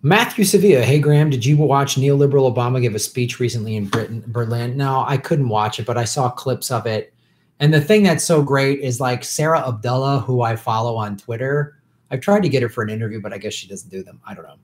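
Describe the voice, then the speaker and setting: A man's voice: mid-range voice, fairly quick. A man hosting a casual live stream, reading viewer questions and answering in an opinionated, heated way with many restarts.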